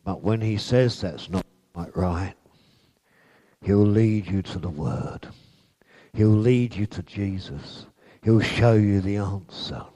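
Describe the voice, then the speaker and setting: Slow, earnest male preacher. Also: fairly low pitch, mellow. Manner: slow, earnest, rising to emphatic peaks on repeated phrases. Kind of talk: sermon.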